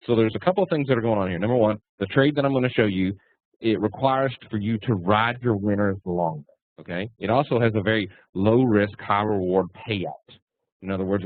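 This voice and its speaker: A man's voice: lowish voice, no room sound. A man teaching trading in a casual webinar, folksy and blunt with punchy phrasing. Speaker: trading instructor. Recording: tinny phone-like dry line.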